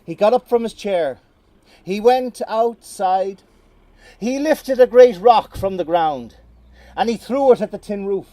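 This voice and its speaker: A middle-aged Irish man telling a folk tale in a lively, playful way with dramatic pauses, outdoors. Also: high voice, no room sound. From Ireland. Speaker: storyteller. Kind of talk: oral folk storytelling. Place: outdoors on a moor.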